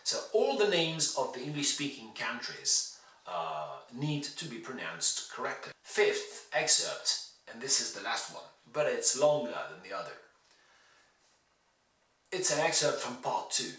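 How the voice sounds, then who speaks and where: A man teaching English pronunciation, slowly contrasting wrong and right sounds and reading out historical excerpts. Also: mid-range voice, sing-song, fairly bright tone, echoey room, recorded from a distance, poor audio. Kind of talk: pronunciation lesson with read excerpts.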